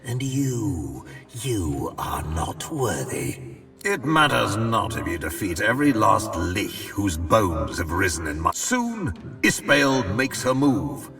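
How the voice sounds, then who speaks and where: A gravelly, gloating game villain who threatens in a low, swooping voice. The voice sounds bright and cutting, set far back in a long-echoing hall with music underneath. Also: male voice, very animated, takes it slowly, full character voice. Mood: menacing. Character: menacing male villain, devoted disciple of a dark god. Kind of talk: video game voice acting. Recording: distant, hall reverb, music behind.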